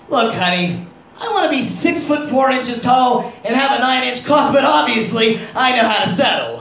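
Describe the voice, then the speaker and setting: A man's voice: very high voice, expressive, moderate pace, gravelly, a crowd in the background. A man doing crude, self-deprecating stand-up comedy on a club stage. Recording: roomy club sound from far off.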